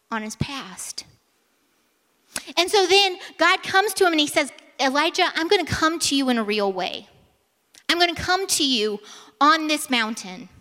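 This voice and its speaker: A woman preaching a sermon and telling a story, acting out the dialogue and dropping to a hush for emphasis. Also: sits high, big-room sound.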